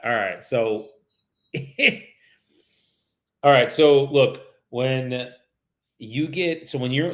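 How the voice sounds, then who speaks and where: A man's voice: mid-range voice, a bit bright. Young male real estate broker streaming his cold calls, slangy and casual with viewers, polite on the phone. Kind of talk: live-streamed cold calling.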